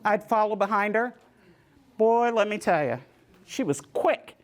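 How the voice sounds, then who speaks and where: A woman, giving a community health talk and telling lively personal stories, acting out the voices of the people in them. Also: medium pitch, a little slow. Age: 60s. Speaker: presenter.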